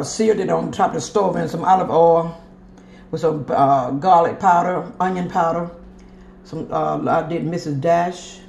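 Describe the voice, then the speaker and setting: Her lowish, slightly mellow voice carries some vocal fry as this cooking vlogger casually shows viewers her home-cooked meal, homey and chatty, addressing them as y'all and honey. A little hiss or hum sits in the recording.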